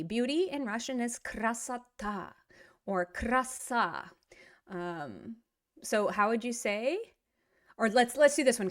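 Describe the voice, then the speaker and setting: A woman's voice: mid-range voice, animated, moderate pace, sharp tone. Upbeat woman teaching a language lesson. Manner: upbeat, chatty, with frequent fillers. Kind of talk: casual online language lesson.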